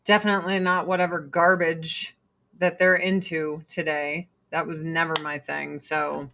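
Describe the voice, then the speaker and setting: Against some background noise, a forties-aged woman talks to her livestream viewers in a low, level voice with vocal fry, going a little slowly. She's blunt and swears freely, interrupting herself to scold her cats or coo over them.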